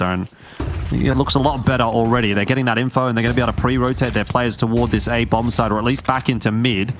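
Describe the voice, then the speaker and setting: A man casting a live esports match as play-by-play commentator, excitable, his voice leaping up on big plays. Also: mid-range voice, noisy background. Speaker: esports caster.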